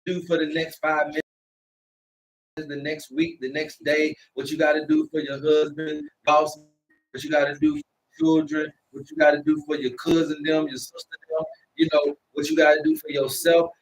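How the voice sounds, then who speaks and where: A man hosting a live stream, lecturing his viewers in a preachy, repetitive way and drawing out words slowly for emphasis. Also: on the high side, little pitch movement, distant mic, low-quality recording. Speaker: herbalist host of a live stream.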